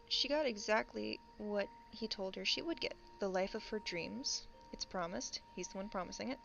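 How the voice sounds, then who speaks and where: A content creator chats casually as she draws, rambling, laughing often, and acting out quick voices. Her mid-range voice is creaky and a bit bright. The dull lo-fi mic picks up faint background music and slight background noise.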